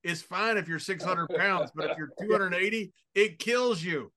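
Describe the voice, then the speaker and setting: A man's voice: sits high, normal speed, pushed and bright. A man co-hosting a podcast, talking emphatically in casual chat. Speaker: podcast co-host.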